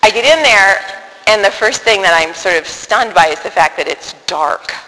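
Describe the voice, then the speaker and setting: A woman telling a personal story to an audience in an animated, self-deprecating way, often stopping and restarting her sentences. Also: mid-range voice, normal speed, in a large hall, rough recording.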